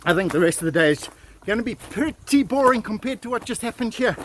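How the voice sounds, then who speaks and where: Guy vlogging outside at some ruins, high voice, super excited, keeps saying wow, faint background noise. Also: fast talker. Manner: excitable, keeps exclaiming and repeating himself. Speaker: vlog host exploring ruins. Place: outdoors at old stone ruins in the countryside. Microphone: handheld camera mic.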